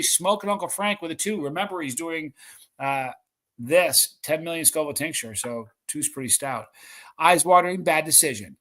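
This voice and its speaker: Lively man hosting a live chat stream. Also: on the high side. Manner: excited countdowns, reads viewer comments aloud.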